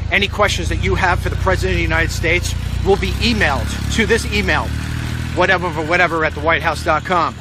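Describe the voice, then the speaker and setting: Strolling past traffic, a political commentator vlogs a blunt, meandering political rant to the camera. His voice sits a little high and sounds pushed and bright.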